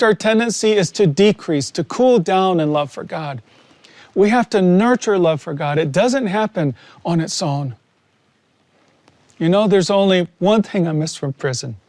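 A man giving an earnest sermon testimony, slow and emphatic with long pauses. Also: high-pitched, a little mellow, no room sound. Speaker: preacher sharing testimony.

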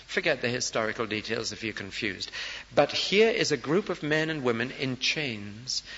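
A man preaching a sermon, telling a story dramatically and rising to loud, emphatic peaks. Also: mid-range voice, expressive, moderate pace, long reverb tail, dull audio, slight background noise.

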